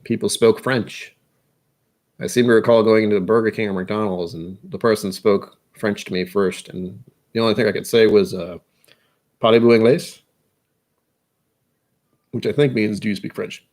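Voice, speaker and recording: A man's voice: lowish voice, fairly even intonation, normal speed, darkish tone. Self-deprecating American man musing aloud. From United States. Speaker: whiskey channel host. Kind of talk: casual rambling monologue.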